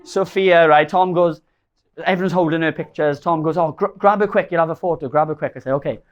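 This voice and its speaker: A man's voice: fairly high pitch, fast, lo-fi sound. Rambling, emotional young man giving a wedding speech. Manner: rambling and emotional, laughing at himself. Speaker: best man. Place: wedding reception.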